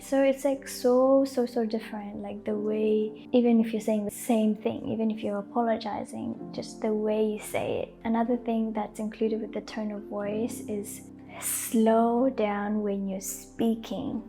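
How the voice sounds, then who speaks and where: A young woman giving gentle, casual lifestyle advice to camera, laughing often and saying "like" a lot. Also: medium pitch, level tone, moderate pace. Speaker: lifestyle vlogger. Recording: faint background music.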